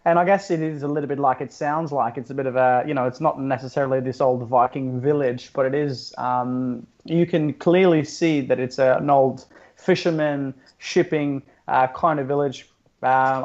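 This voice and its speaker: A man's voice: mid-range voice, darkish tone, dull audio. A man from Norway, a guest on an interview podcast, talking in an upbeat, effusive way. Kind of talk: conversational interview.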